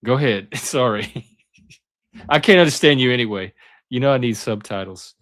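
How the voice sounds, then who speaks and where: A male host chatting on a live stream, teasing and halting with frequent restarts. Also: mid-range voice, a bit bright, no echo, studio quality. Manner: teasing, hesitant, many restarts. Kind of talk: casual live-stream chat.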